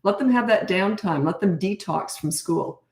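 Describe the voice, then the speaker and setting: A woman's voice: medium pitch, lively intonation, moderate pace, darkish tone. A middle-aged woman who is a parenting coach, giving blunt, confident advice on a casual live stream. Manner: blunt, confident, acts out quoted dialogue. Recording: echoey room.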